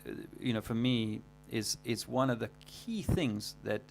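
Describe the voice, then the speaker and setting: A man hosting a livestream, talking casually in a rambling, halting way full of fillers and restarts. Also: medium pitch, gravelly, a little mellow, slight background noise. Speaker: livestream host.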